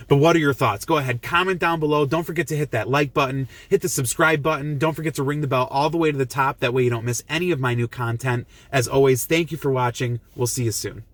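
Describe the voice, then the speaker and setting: A man's voice: mid-range voice, fast, hardly any pauses, fairly bright tone, no room sound. A man talks through a film he loved in a casual, heartfelt review, his voice sitting in an ordinary middle register. He gushes, stumbles and repeats himself as the feeling gets to him. The sound is dry and close, with no room around it. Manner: earnest and gushing, with frequent restarts and repetitions. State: emotional, moved.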